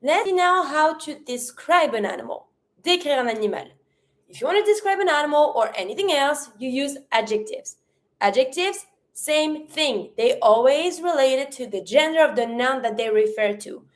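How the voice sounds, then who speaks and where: A woman with French as her first language teaches an online lesson in English, saying each French word slowly and clearly. Her voice sits a little high and swings widely in pitch. She repeats vocabulary in pairs, masculine then feminine. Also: animated. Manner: clear drilled pronunciation, repeats words in pairs.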